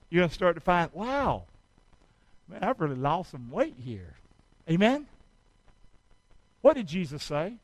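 A man preaching a sermon, calling on the congregation to repeat after him and swinging between shouts and quiet asides. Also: high voice, dry recording, poor audio. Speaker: pastor.

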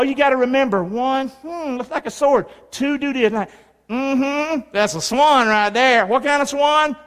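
A middle-aged pastor's extremely high, fairly bright voice rings through a church sanctuary, with long reverb from the large hall. He's delivering a sermon and guiding the congregation in call-and-response and hand signs.

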